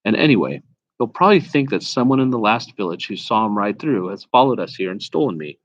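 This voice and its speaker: A man voicing a proud male talking war horse who lectures in a brisk, faintly scornful way, in a storybook read-aloud. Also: lowish voice, sing-song, no echo, highs cut off.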